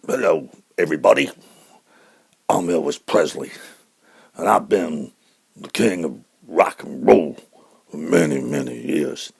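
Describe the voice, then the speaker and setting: A man putting on a deep, slow crooning impression of a rock-and-roll king as a comedy bit. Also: animated, gravelly, breathy edge, exaggerated voice. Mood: showy.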